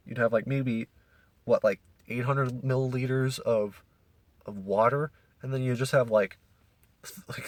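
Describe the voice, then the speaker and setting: A man's voice: medium pitch, no echo. Profane rambling young man, dry close sound. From Canada. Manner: profane, rambling, with frequent restarts. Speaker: podcast host. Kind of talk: casual ranting monologue.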